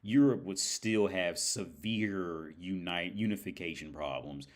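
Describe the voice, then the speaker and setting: A man's voice: low voice, unhurried. A man hosting a livestream, telling rambling stories in a casual, profane way and laughing often, tired. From United States. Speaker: livestream host. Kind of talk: casual storytelling monologue.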